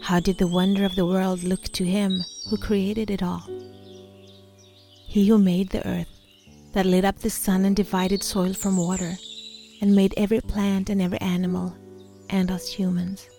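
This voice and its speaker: A woman leading a reflective guided meditation in a soft, contemplative way that sometimes drops to a whisper. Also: medium pitch, little pitch movement, normal speed, faint music behind.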